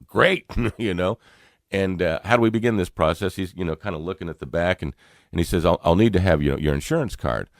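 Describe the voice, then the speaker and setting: A middle-aged man from North Carolina with a Southern accent, an earnest radio host telling a personal story with halting repeats and frequent chuckles. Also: low-pitched, vocal fry, no room sound, studio quality.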